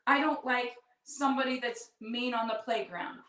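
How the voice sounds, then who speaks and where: A middle-aged woman with a fairly high voice tells her own story earnestly and from the heart. She talks straight to her listeners as a podcast host. The sound is roomy and echoey, picked up from a distance. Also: normal speed, bright, forceful tone. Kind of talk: personal storytelling to an audience. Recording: echoey room, distant mic.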